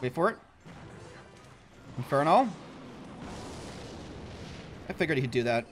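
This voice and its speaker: A man's voice: mid-range voice, big pitch swings, measured pace, faint music behind. A young man giving casual, chatty gameplay commentary as a gaming YouTuber, self-mocking and laughing often.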